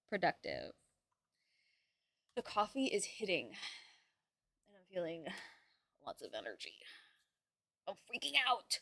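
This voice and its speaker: A young woman streamer chatting casually with her viewers, bubbly and quick to swear. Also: medium pitch, sing-song, no echo.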